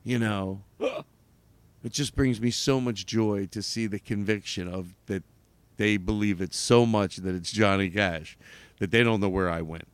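A man hosting a podcast in casual chat, rambling and animated, breaking into loud shouted bits. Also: lowish voice, measured pace, clean tone, no room sound. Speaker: podcast host.

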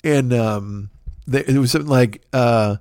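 A man's voice: medium pitch, a little slow, darkish tone, no room sound, studio quality. A middle-aged man hosting a podcast, ranting comedically and rambling, swearing a lot and jumping to exasperated outbursts. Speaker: podcast host. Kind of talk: profane comedic rant.

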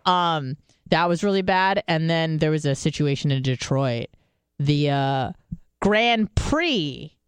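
A woman's voice: low voice, expressive, slow pace, smooth, no room sound. Woman podcast host, swears freely and rambles through her stories, clean voice in a dry room. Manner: profane, rambling storyteller. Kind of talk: casual chat.

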